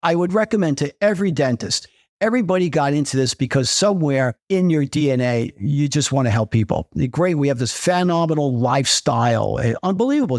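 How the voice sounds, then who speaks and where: A man's voice: mid-range voice, no echo, clean studio sound. An older man, a retired dentist and podcast guest, who tells stories with energy, repeats his key points and acts out what people said. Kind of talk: conversational interview storytelling.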